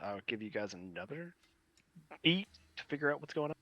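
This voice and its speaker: A man's voice: medium pitch, very animated, fairly quick, pushed and bright, dull audio. A man narrating a tabletop game as game master, casual and filler-heavy.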